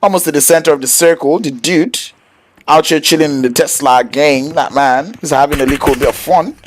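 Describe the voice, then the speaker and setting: A man casting a live esports match play-by-play, casual and joking with slang, rising to excited shouts when fights break out. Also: a little high, a little fast, background noise. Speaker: esports caster.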